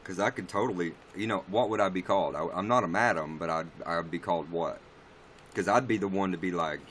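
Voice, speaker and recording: Low-voiced, blunt, profane male livestreamer. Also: a little fast, a bit bright, a little hiss or hum. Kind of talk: casual livestream chat, answering viewer comments.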